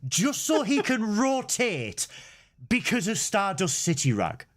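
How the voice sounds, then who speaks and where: A man's voice: high voice, huge pitch swings, slow pace, fairly bright tone. A man co-hosting a podcast, teasing his co-host and laughing a lot as he tells stories. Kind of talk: casual chat.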